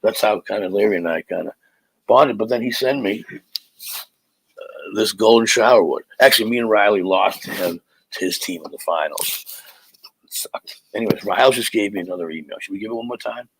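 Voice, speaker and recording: A man's voice: on the low side, normal speed, vocal fry, pauses often, fairly bright tone, slight background noise, poor audio. A middle-aged man, hosting a live podcast as a comic and telling stories in a rambling, stop-start way. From Boston area, USA. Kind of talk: casual live podcast chat.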